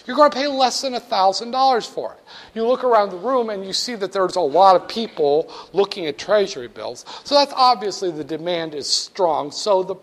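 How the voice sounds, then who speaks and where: Animated, joking male lecturer. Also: sits high. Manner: animated, joking, talks to students. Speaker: teacher. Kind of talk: classroom lecture.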